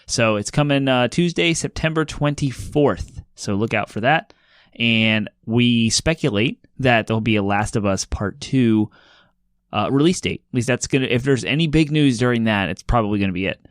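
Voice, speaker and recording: A man's voice: mid-range voice, moderate pace, smooth, no room sound, clean studio sound. A man co-hosting a gaming podcast, chatty and upbeat as he runs through the week's news. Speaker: podcast co-host. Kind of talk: casual chat.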